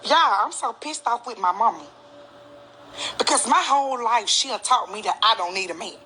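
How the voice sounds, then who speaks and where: A woman's voice: on the high side, expressive, normal speed, pushed and bright, a little hiss or hum. A woman doing a comic rant, indignant and exaggerated, swearing as she vents. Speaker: comedy skit creator.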